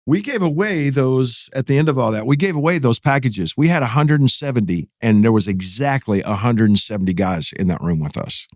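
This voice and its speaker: A man, a pastor telling a story in a podcast interview, animated and acting out quotes. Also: brisk, few pauses, dry recording, studio quality. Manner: animated, acts out quotes with rising pitch.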